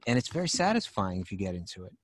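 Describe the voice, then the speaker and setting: A man's voice: low voice, very animated, rapid-fire, no room sound. Affirming man, dry close sound. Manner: affirming, chimes in briefly. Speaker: podcast co-host. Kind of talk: casual spiritual chat.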